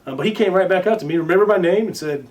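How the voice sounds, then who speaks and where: A man being interviewed as a guest, telling stories casually, with many restarts and fillers, now and then swearing and loudly acting out what others said. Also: high voice, rapid-fire, distant mic. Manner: swears casually and acts out quoted lines loudly. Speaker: interview guest, recording artist. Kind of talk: casual storytelling in conversation.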